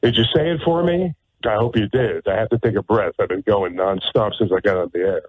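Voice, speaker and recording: A man's voice: on the low side, a little fast. A combative man hosting talk radio, sarcastic and rambling through his points with frequent restarts. The sound is tinny, like a phone line. It is dry and close, with no room echo. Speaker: radio talk show host. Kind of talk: opinionated talk radio monologue.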